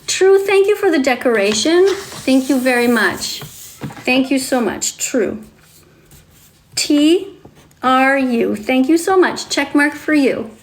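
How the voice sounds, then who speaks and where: A woman's voice: high voice, expressive, slow, a little hiss or hum. A woman on a livestream, reading to viewers and talking to them in a coddling, sing-song way, like a teacher with small children.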